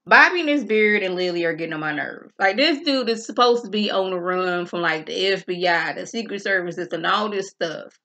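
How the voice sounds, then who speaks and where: A woman casually recapping a TV episode in an animated, colloquial way, acting out the characters' lines. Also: on the low side, fairly quick, hardly any pauses. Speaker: TV show reviewer.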